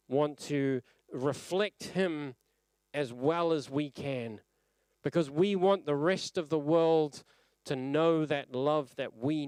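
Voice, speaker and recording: A man preaching a sermon at a church service, earnest and reflective, letting his phrases fall softly at the end. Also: a little high, smooth, no echo.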